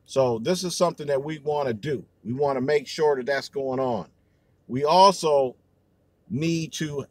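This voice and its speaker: A man's voice: a little high, no echo. Profane, rambling man on a dry mic. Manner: loose, profane, rambling with many fillers. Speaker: livestream host. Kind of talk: casual livestream talk.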